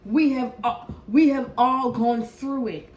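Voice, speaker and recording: A high-pitched woman gives a preachy, cursing tarot reading. She speaks slowly and deliberately, sometimes loud and sometimes near a murmur. Her voice rings around an echoey room over a faint background hiss. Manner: profane, preachy, swings from shouting to hushed prayer. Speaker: tarot reader. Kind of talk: impassioned collective reading rant.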